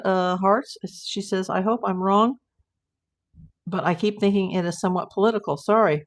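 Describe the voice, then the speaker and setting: A woman's voice: medium pitch, moderate pace. A woman, a private investigator, hosting a casual live stream from home and chatting as she answers viewer comments aloud.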